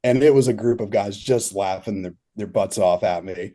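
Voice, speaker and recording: Low, mellow-voiced man telling stories. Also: moderate pace. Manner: rambling, filler-heavy storytelling with frequent laughs. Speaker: turf industry consultant, guest. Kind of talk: casual interview storytelling.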